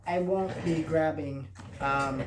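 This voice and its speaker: A young adult film vlogger in casual talk to camera, rambling and halting, often trailing off and restarting, and earnest and heartfelt. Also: mid-range voice, fairly even intonation. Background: faint background noise.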